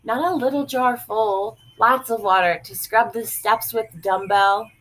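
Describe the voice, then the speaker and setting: A woman's voice: on the high side, measured pace, fairly bright tone, rough recording. A woman voicing a bossy young girl who orders her little sister around dismissively.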